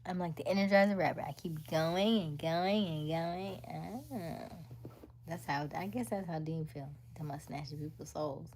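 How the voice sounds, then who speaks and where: A woman's voice: low voice, normal speed, a little mellow, slight background noise. A woman hosting a livestream, chatting casually with viewers and reading their comments aloud, often laughing and dropping to near-whispers. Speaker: livestream host.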